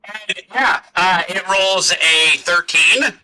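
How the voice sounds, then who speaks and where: A man's voice: sits high, slow pace, crowd noise, low-quality recording. A man narrating a tabletop game as game master, loose and chatty with frequent laughs.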